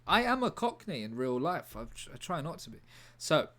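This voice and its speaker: Rambling deadpan man chatting on a stream. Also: on the high side, moderate pace. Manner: rambling, deadpan, self-interrupting. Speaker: livestreamer reading chat. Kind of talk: casual livestream chat.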